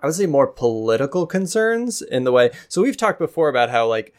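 A man narrating a tabletop game as its game master. He talks in a loose, unhurried way, full of fillers and restarts, at an ordinary pitch for a man. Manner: relaxed, hesitant, many fillers.

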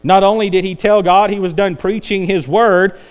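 A man preaching a sermon, climbing to intense peaks and then dropping low and quiet. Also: fairly even intonation, moderate pace. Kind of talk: evening sermon.

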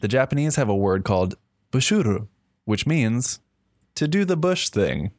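A man's voice: big pitch swings, normal speed, no room sound, studio quality. A man co-hosting a comedy podcast, telling odd facts in a jokey, profane way. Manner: jokey, swears often, jumps into high-pitched impressions. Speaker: podcast co-host. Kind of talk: casual comedic chat.

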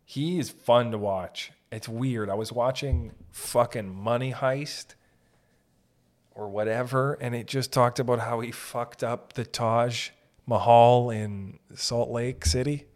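A man with a non-American English accent hosting a podcast, rambling and swearing in loose, animated casual chat. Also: mid-range voice, slow pace. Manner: rambling, profane, animated riffing. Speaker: podcast host.

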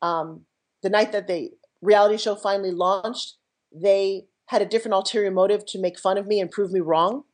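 A middle-aged woman, an entrepreneur and TV pitchwoman, telling her story with high energy and enthusiasm in a podcast interview. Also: moderate pace. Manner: energetic, enthusiastic, jumps into quoted voices.

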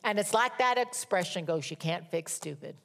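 A woman's voice: lowish voice, lively intonation, moderate pace, creaky. Woman preaching a dramatic sermon. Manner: dramatic, rising to loud emphatic peaks, dropping to whispers. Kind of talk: sermon with scripture reading.

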